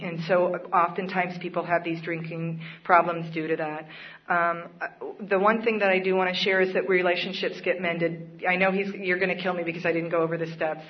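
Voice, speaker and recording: A woman speaking at a recovery meeting, sharing her own story in an earnest, plainspoken way with occasional laughs. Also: on the low side. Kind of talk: personal testimony at a support meeting. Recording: dull lo-fi recording.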